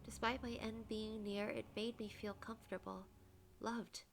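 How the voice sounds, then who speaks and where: A woman's voice: a little high, little pitch movement, measured pace. A woman reading a visual novel's narration aloud with wry casual asides. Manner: dramatic storytelling with wry asides.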